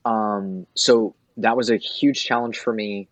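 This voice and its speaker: A man's voice: lowish voice, steady tone, slow, no room sound. A man, a tattoo artist, talking casually as a guest and swearing freely. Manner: laid-back, swears freely. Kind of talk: casual chat.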